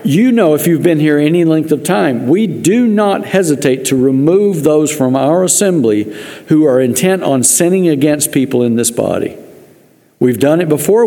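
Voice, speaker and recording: A pastor preaching a sermon in earnest, with dry joking asides. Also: male voice, fairly high pitch, mellow. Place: church sanctuary. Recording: long reverb of a church hall.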